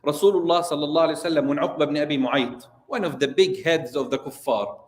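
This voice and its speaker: A man, an imam, giving a religious lesson in an animated storytelling way and asking his listeners questions, in a mosque hall. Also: a little high, quick pace. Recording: roomy echo.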